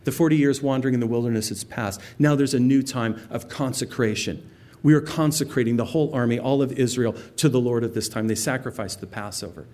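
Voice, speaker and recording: In a brisk, mid-range male voice, a pastor leads a verse-by-verse study of a biblical passage. His delivery is informal and conversational, with explanations of word meanings and emotionally charged scripture quotations.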